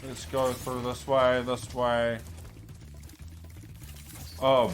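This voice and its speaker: Man, speedrunner narrating his own gameplay, slow easygoing delivery, flares up into swearing, faint game music behind. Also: mid-range voice, monotone. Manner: frustrated, swears and shouts at enemies. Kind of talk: live gameplay commentary.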